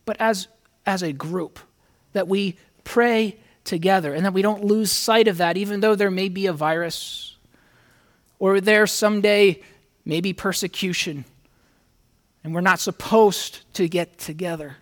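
A man's voice: high-pitched, unhurried. A man preaching a conversational sermon to his congregation, speaking earnestly and reading scripture aloud with rising emphasis. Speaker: pastor.

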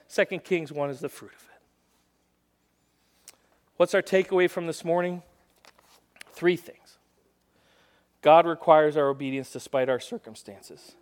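Animated, higher-voiced male preacher. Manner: animated storytelling, acting out quoted lines with bursts of volume; drops to quiet asides and jokes. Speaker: guest preacher. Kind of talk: sermon.

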